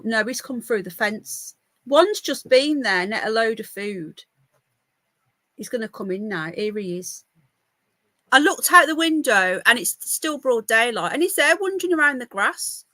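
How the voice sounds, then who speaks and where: Brief: woman, chatty home podcast host, bright, slightly high voice, dry close laptop sound, rambling and easily sidetracked. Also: dry recording. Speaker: podcast host reading news. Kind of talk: casual live news chat. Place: home by a window. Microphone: laptop mic.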